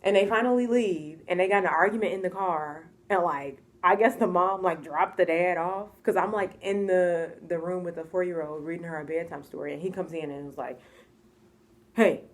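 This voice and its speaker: A young American woman telling a personal story in a casual vlog, chatty and expressive, often acting out what people said and laughing. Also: on the low side, brisk, hardly any pauses. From United States.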